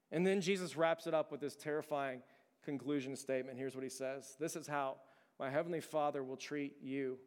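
A man preaching in a casual, conversational way, his voice a little higher than most men's. He often drops to a low hush to drive a point home, and a long reverb trails behind him in a large hall. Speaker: pastor. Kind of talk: sermon.

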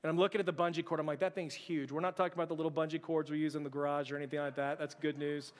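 A male pastor delivers a sermon built on personal stories, speaking rapid-fire with an animated, humorous style and dropping to a hushed near-whisper when quoting his own thoughts. His voice is fairly high for a man, and it rings through the church sanctuary with a long, trailing reverb.

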